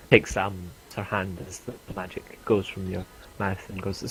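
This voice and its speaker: A man narrating as game master for a tabletop game, with halting, um-filled delivery. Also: sits low, little pitch movement, fairly bright tone, a little hiss or hum, poor audio.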